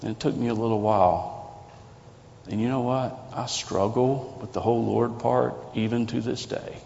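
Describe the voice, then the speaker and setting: Earnest pastor preaching in an echoey sanctuary. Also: male voice, medium pitch, steady tone, moderate pace, creaky, mellow, slight background noise. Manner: conversational, earnest, with rhetorical questions. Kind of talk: sermon. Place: church sanctuary. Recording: lo-fi recording in a reverberant sanctuary.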